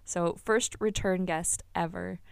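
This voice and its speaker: A woman's voice: fairly low pitch, steady tone, slow pace, gravelly, smooth, dry recording. A woman hosting a podcast, talking candidly and with lots of energy, swearing freely and often laughing, recorded on a single microphone in a small closet. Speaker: podcast host. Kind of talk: casual podcast monologue.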